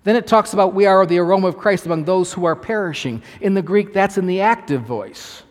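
Male pastor, sermon delivery, earnest and emphatic, slightly higher voice, long hall reverb. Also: a little fast. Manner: earnest preaching with repeated restarts and emphatic quoted lines.

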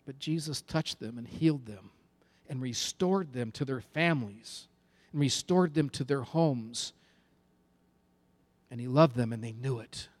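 A man's voice: mid-range voice, unhurried, long pauses. A man preaching a sermon with an emphatic, repetitive cadence.

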